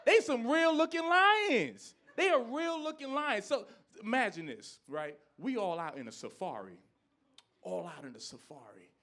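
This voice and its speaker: A man in his thirties performing a stand-up comedy set on a club stage, ranting with loud outbursts and dropping into low asides. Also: big pitch swings, normal speed. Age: 30s.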